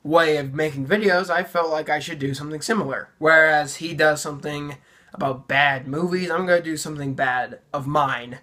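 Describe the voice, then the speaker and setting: A teenager talks through a casual reaction video, poking fun at their own early work with dry sarcasm. The voice sits at an everyday middle pitch, and the delivery is loose and full of fillers and restarts. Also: steady tone, normal speed, bright, forceful tone. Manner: sarcastic, self-mocking, many fillers. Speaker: YouTuber reviewing own old videos.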